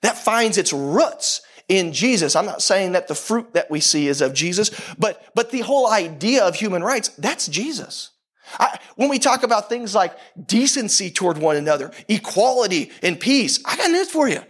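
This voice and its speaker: High-voiced conversational preacher man. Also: animated, moderate pace, a bit bright, slightly rough. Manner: conversational storytelling preacher, self-deprecating humor. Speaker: pastor. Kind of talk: sermon.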